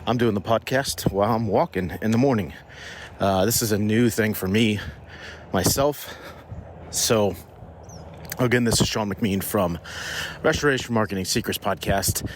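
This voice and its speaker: Pausing often at a normal speed, a lowish-voiced man hosts a casual business podcast as he walks outside in the morning. A slight hiss or hum is audible, he's mildly out of breath, and he rambles loosely, backing up to restart.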